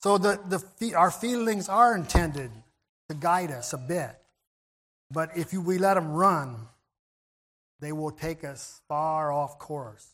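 A man preaching a reflective sermon in a gentle way. He often clears his throat and restarts his phrases. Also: on the high side, lively intonation, slow pace.

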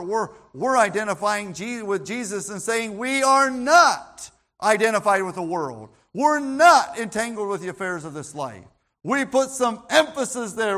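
High-voiced man preaching emphatically. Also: pushed and bright. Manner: emphatic, repetitive, with frequent restarts. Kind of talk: sermon.

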